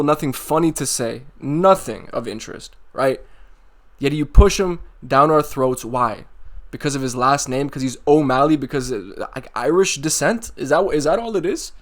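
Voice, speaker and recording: A man hosting a casual MMA commentary video, mocking and sarcastic, swearing freely. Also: fairly high pitch.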